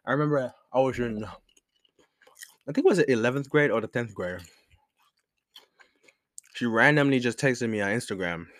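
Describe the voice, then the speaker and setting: A man's voice: medium pitch, normal speed, long pauses, fairly bright tone, no echo, clean studio sound. A young man hosting a podcast, telling a personal story in a candid, rambling way with slang and frequent restarts. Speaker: podcast host. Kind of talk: casual storytelling monologue. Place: room with a squeaky chair.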